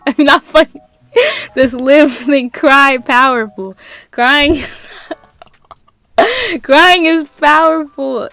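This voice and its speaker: A woman's voice: mid-range voice, fairly bright tone. A young adult woman vlogging a passionate motivational monologue, emphatic and repetitive, with casual swearing.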